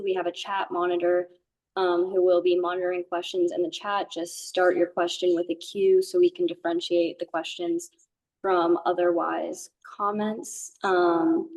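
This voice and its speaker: A woman moderating an online meeting, giving calm, practical instructions. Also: lowish voice. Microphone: video call microphone. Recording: distant mic on a video call.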